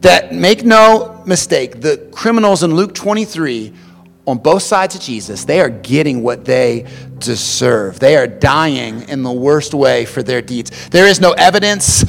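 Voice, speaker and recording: A male pastor delivers a sermon in a high, gravelly voice, moving between loud passionate emphasis and quiet, hushed passages. He often repeats words as he starts a phrase. The voice carries a long hall reverb, with soft guitar playing underneath. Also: animated, measured pace.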